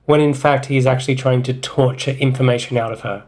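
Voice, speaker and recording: A man's voice: mid-range voice, fairly even intonation, fast talker, a little mellow. A man co-hosting a comedic podcast, summarizing and reading a book aloud in a dry, reluctant, matter-of-fact way. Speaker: podcast co-host.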